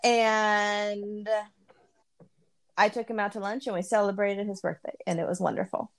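A woman's voice: mid-range voice, steady tone, moderate pace. A woman co-hosting a podcast in casual chat, laughing often and repeating words as she talks. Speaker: podcast co-host.

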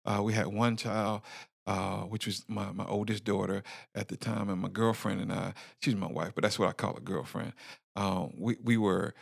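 A man's voice: lowish voice, steady tone, moderate pace, creaky, dry recording, studio quality. A middle-aged man hosting a podcast, telling his personal testimony in a candid, preacher-like way with fillers and repeats. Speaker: podcast host. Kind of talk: personal testimony, motivational talk.

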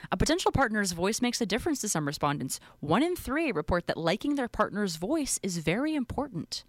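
A woman's voice: medium pitch, sing-song, a little fast, no echo, studio quality. A woman co-hosting a podcast, chatting and reading out survey results, enthusiastic and quizzing her co-host.

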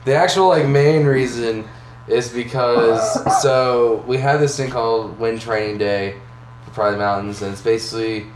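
A man's voice: medium pitch, steady tone, measured pace. A young man co-hosting a podcast, telling crude stories in a rambling way with lots of fillers. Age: young adult. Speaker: podcast co-host. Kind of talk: casual storytelling chat. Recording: roomy room with faint hum.

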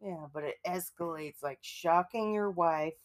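A woman co-hosting a podcast in casual chat, cracking wry deadpan jokes and swearing. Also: lowish voice, measured pace. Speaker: podcast co-host.

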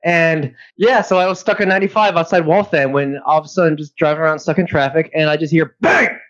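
A man's voice: fairly high pitch, quick pace, fairly bright tone, dull audio. A man from Boston, a guest on a car podcast, telling rambling, wry anecdotes in casual chat. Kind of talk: casual storytelling.

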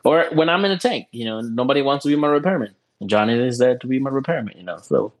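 Man, casual podcast chat, profane storytelling, lively swinging pitch, mid voice. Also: fast talker.

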